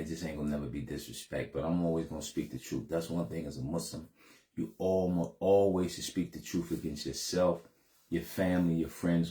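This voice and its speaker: Deep-voiced man, laid-back vlog talk. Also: dark tone, echoey room. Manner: laid-back, says "man" at the end of most phrases. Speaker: vlogger. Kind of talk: casual direct-to-camera talk.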